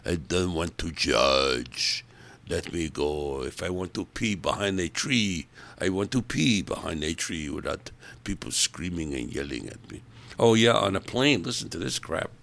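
A man with a very low, gravelly voice grumbles through an offhand solo monologue. He rambles from one gripe to the next in an opinionated, chatty way. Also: very animated, moderate pace, fairly bright tone. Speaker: podcast host.

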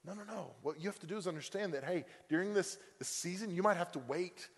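A man's voice: sits high, fast talker. Man preaching in a reverberant hall. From Oklahoma. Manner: conversational preaching with fillers and acted-out quotes. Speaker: pastor. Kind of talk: sermon. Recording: long reverb of a church hall.

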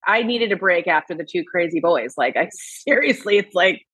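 A woman's voice: fairly low pitch, animated, normal speed, a bit bright, breathy edge, dry recording. A woman in her thirties, a podcast guest, talking candidly about motherhood with lots of fillers and casual swearing. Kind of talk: casual chat.

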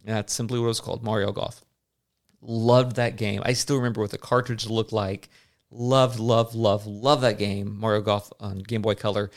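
A man's voice: on the low side, little pitch movement, moderate pace. A man in his thirties hosting a casual podcast chat as a dad, rambling with lots of fillers. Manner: rambling, chatty, many fillers.

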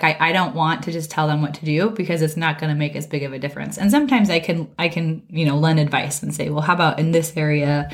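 A woman hosting a solo podcast, her low voice hoarse and raspy from a cold. She talks in a loose, chatty way, full of fillers and little laughs. Her breathing is audible and a bit heavy. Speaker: podcast host, wellness and life coach. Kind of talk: casual solo podcast talk.

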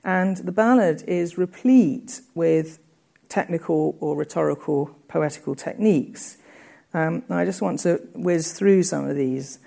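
Woman lecturer, low warm voice, conversational with ums, slows down to read quoted verse. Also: gravelly. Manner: reads verse quotations slowly and deliberately between explanations; frequent ums, conversational explaining. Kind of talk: literature lecture.

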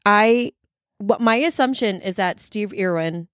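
Co-host, woman, mid pitch, loose and chatty, guesses freely, filler-heavy, dry close mic. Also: unhurried, dry recording. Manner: rambling, full of filler words and restarts. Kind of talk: casual chat.

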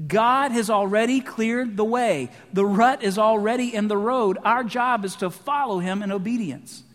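A high-pitched man preaching a sermon, pressing his points with emphasis and drawing out key lines slowly. His voice rings through the long reverb of a large church hall. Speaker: pastor. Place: church sanctuary.

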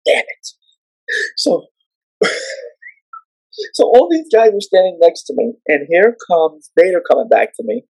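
A man on a podcast telling memories in a lively way, acting out the people he quotes. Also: sits high, gravelly, no room sound, low-quality recording. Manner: animated, acts out the people he quotes; rapid run-on retelling of wrestling memories. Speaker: podcast guest and storyteller. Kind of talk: casual podcast storytelling.

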